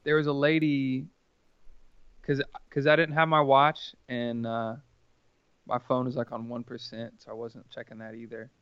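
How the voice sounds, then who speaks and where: A man's voice: medium pitch, flat delivery, moderate pace, smooth, no room sound, dull audio. A man telling a personal story casually as a podcast guest, rambling and earnest, with lots of filler words.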